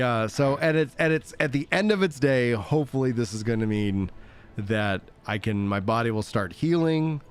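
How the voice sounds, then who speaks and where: A man's voice: medium pitch, smooth. A middle-aged man chatting casually as a streamer, rambling and self-deprecating, laughing often. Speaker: streamer and podcast host. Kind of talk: casual chat.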